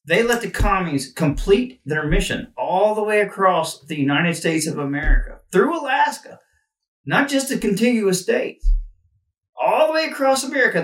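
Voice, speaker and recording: A man's voice: sits high, a bit bright, recorded from a distance. A man ranting in a political commentary monologue, indignant and profane, hammering his points emphatically. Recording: echoey room, away from mic.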